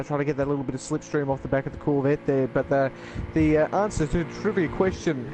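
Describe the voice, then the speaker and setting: Casual co-commentator over steady noise. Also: male voice, a little high. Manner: casual, hesitant, full of fillers. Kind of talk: sim racing commentary. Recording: noticeable background noise.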